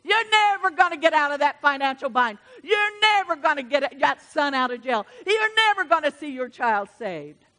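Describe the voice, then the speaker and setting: A woman's voice: high-pitched, lively intonation, moderate pace, hardly any pauses, sharp tone, long reverb tail, pitched above the performer's own voice. A woman preacher voicing the devil as a sneering, taunting male accuser in a sermon. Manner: contemptuous, taunting.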